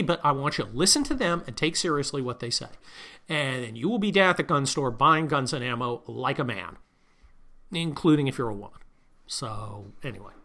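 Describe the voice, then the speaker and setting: A political commentary host delivers a talk monologue, combative and sarcastic, piling insults on his targets. His voice is medium in pitch with a sharp tone.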